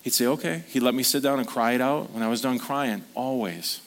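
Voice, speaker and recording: A male pastor delivering a sermon in a church service at a medium, everyday pitch. He talks in an earnest, conversational way, weaving personal stories into his preaching. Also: steady tone, quick pace, smooth.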